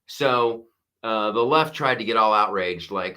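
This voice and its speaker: A middle-aged man hosting a live-stream podcast, talking in an animated, mocking way and laughing often. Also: fairly low pitch, unhurried. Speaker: podcast host. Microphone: wearing a strapped headset or mic.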